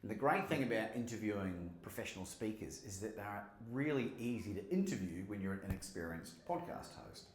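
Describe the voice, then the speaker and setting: An Australian man gives a live keynote in a hall. His voice is low-pitched but swings widely up and down as he tells his stories. The room adds a roomy echo. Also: fairly quick, few pauses, a little hiss or hum. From Melbourne, Australia. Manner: animated storyteller, asks the audience questions. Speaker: motivational speaker and podcast host. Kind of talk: live keynote speech to an audience. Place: conference hall with a live audience.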